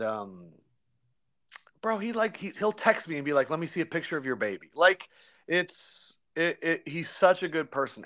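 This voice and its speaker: A young man, a sports broadcaster, chatting in an interview, telling stories with slang and quick impressions of colleagues. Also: medium pitch. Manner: animated storyteller, slangy, does quick impressions. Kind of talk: casual interview chat.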